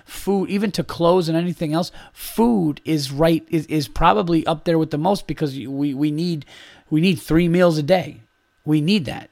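A man hosting his own podcast, ranting in a heated, casual way and swearing freely. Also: on the high side. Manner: animated, heated ranting with profanity. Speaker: podcast host. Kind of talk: casual solo podcast rant.

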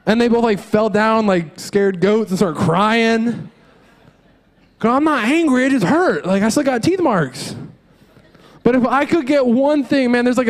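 A man in his thirties preaching a sermon as a pastor, earnest and conversational, mixing quick asides with slow emphatic lines. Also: high-pitched.

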